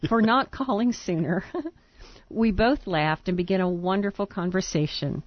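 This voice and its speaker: A woman with a fairly low voice reads a listener's letter aloud on a radio show, in a humorous, laughing way. Her voice is recorded dry and a little dull, with no room sound around it. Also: normal speed, dry recording. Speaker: radio co-host.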